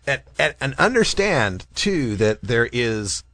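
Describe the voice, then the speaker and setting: A man's voice: medium pitch, sing-song, slow, sharp tone, no echo. A man hosting a casual cannabis talk radio show, rambling and jokey, laughing often. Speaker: podcast host.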